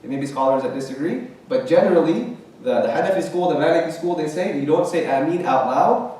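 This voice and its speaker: A man's voice: a little high, a little fast, warm tone. A man teaching a conversational religious class in a mosque, often checking in with his listeners. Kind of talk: Quran commentary class. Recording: very echoey room, distant mic.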